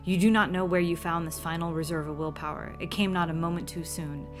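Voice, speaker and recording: A woman's voice: fairly low pitch, steady tone, a little fast, faint music behind. A woman playing through an old horror computer game, reading its text aloud with dramatic flair and dropping wry asides. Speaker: game streamer.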